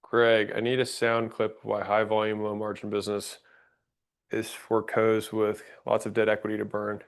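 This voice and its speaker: A man teaching a workshop on sales call scripts, lively and direct, acting out sample calls and checking in with "right?". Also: fairly low pitch, moderate pace. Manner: energetic, acts out sample calls, frequent "right?" check-ins. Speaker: sales trainer.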